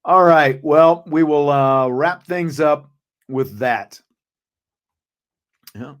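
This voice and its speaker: A man hosting a podcast in casual sports chat, relaxed and reading out viewer comments. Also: fairly high pitch, very slow. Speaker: podcast host.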